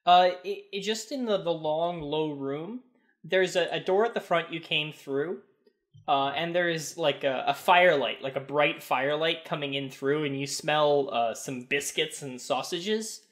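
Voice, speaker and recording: Halting game master man narrating. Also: on the high side, fairly bright tone. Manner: halting, with many fillers.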